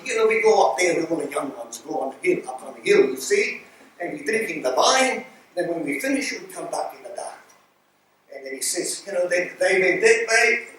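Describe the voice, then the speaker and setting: An older man telling lively anecdotes to a club audience, mimicking the broken English of the men he quotes. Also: sits high, a little hiss or hum. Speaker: club speaker telling stories. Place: club hall. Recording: very echoey hall from far off.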